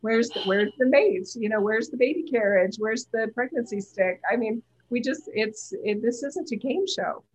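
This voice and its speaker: A woman's voice: a little high, moderate pace, few pauses, slightly rough. A woman hosting a live call, speaking emphatically as a channeler who repeats her words. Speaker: host and channeler. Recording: dull lo-fi audio.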